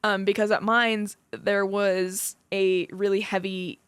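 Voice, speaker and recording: A woman's voice: mid-range voice, flat delivery, slow pace, a bit bright, smooth, no room sound. A young woman co-hosting a podcast in a casual, chatty way, using lots of fillers. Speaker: podcast co-host. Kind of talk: casual chat.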